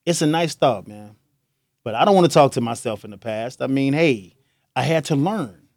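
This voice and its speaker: A man's voice: medium pitch, animated, normal speed, darkish tone, no echo, studio quality. A young man hosting a podcast, talking in a loose, joking monologue and laughing often. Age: young adult. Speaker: podcast host. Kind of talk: casual monologue.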